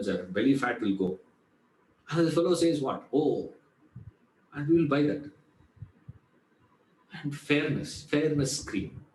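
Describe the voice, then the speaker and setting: A man's voice: on the high side, echoey room, low-quality recording. A man teaching a Vedanta class in a chatty way, asking rhetorical questions and answering them. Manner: conversational, repeats "you know", asks rhetorical questions and answers them. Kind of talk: spoken class lecture.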